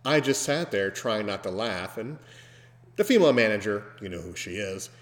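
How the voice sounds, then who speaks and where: A man hosting a podcast, telling a story casually and breaking into loud, animated mimicry of screams. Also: lowish voice, normal speed. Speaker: podcast host. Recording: long hall reverb.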